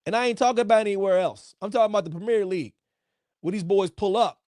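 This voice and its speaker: A man's voice: sits high, no echo, studio quality. Playful, slangy male football podcast host. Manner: animated, playful, slangy, rhetorical questions. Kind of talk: solo football podcast monologue.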